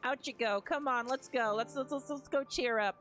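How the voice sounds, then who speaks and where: A woman's voice: sits high, moderate pace, a bit bright. A woman streaming a game, reacting emotionally and casually, swearing freely. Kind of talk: casual let's-play commentary. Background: game music.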